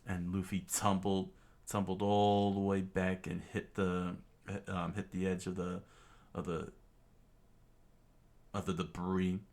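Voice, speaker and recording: A man reading a comic aloud in a casual way, halting with restarts and fillers. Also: low voice, little pitch movement, a little mellow. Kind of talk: casual comic read-along.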